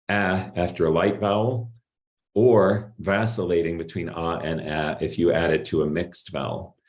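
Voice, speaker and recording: Low-voiced guy lecturing, middle-aged, calm and explanatory, some ums. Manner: measured, explanatory, with fillers and pauses. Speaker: linguistics lecturer. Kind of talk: academic conference talk.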